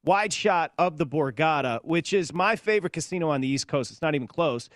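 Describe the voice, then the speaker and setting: A man hosting a sports betting talk show, upbeat, bantering quickly with his co-hosts. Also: fairly high pitch, lively intonation, dry recording.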